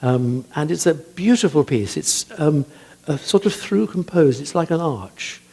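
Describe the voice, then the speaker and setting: An older man with a husky voice, a church composer telling chatty anecdotes about music, hesitant with frequent ums. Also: a little high, animated, unhurried, a little mellow. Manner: chatty, hesitant with many ums, laughs at his own stories. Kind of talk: anecdotal talk.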